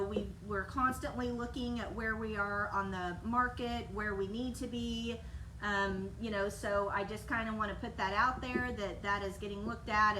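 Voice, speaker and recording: A woman director of human resources chatting on a company livestream, giggly and loose, full of fillers. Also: a little high. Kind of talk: casual company livestream talk. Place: office room with coworkers. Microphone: distant device mic. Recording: roomy distant sound with background noise.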